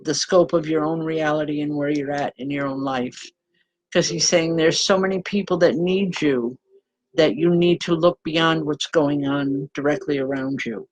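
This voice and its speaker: A woman working as a spiritual medium, giving live readings and passing on messages in an earnest, gentle, halting way. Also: deep voice, low-quality recording. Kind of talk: live online psychic readings.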